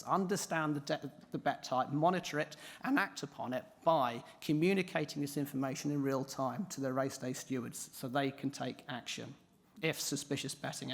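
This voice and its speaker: A man giving a brisk, assertive conference presentation, laying out points like a list. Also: a little high, creaky. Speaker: conference panelist. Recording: reverberant conference hall.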